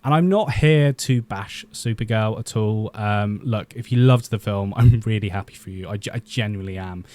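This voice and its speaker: A man hosting his own video channel, chatting casually and with strong opinions about upcoming superhero films, often pausing with "um" and restarting sentences. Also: fairly low pitch, darkish tone. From Britain. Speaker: YouTube film commentator.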